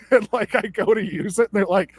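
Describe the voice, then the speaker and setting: A man's voice: high-pitched, moderate pace, breathy edge, no echo. A young man on a comedy podcast telling a rambling, stammering story and mimicking the people in it. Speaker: podcast co-host.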